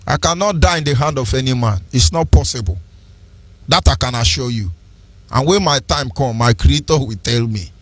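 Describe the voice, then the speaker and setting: A man's voice: medium pitch, moderate pace, dry recording. A man with a Nigerian accent hosting a fiery political radio commentary, ranting in an impassioned, preachy sing-song. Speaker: radio host.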